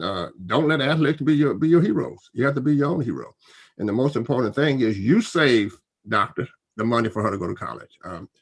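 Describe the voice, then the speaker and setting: A man's voice: mid-range voice, husky. A man from Louisiana on a panel, speaking in a rambling, fatherly way with frequent restarts. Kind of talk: panel discussion.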